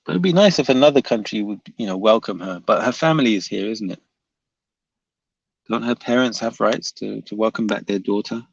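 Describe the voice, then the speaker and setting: Gravelly-voiced man arguing with comments. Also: on the low side, a little fast, lo-fi sound. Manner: argumentative, repeats questions back at commenters. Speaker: streamer reading viewer comments. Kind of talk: live comment-reading debate.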